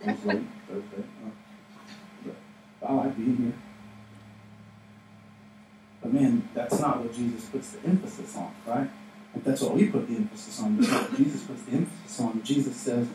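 A man's voice: medium pitch, moderate pace, long pauses, dark tone. A man preaching a conversational sermon in a church, often asking "right?" and acting out quotes. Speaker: pastor. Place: church sanctuary. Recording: echoey room, mic at a distance, faint noise.

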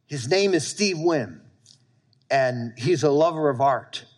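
Man, pastor, sermon, emphatic, slightly raised pitch. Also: lively intonation, takes it slowly. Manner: emphatic preaching, repeating lines and calling for amens.

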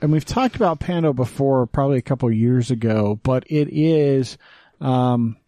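A man's voice: mid-range voice, normal speed, mellow, no room sound. A man co-hosting a podcast in casual chat, joking and swearing freely, with plenty of fillers as he leads the segments. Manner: joking, profane, filler-heavy. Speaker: podcast co-host leading segments.

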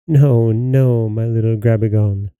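Sorrowful princess voiced by a man, pleading, dark tone, dry sound. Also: on the low side, fairly even intonation, measured pace, clean tone, dry recording, close to an everyday voice. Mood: tender. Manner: pleading, lamenting. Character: young princess, gentle and sorrowful.

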